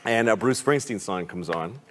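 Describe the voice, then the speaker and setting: A man as a talk-show guest, rambling through a story and acting out voices and shouts. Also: on the low side, animated, normal speed. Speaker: comedian guest. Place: television talk-show studio. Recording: talk-show studio with loud audience laughter.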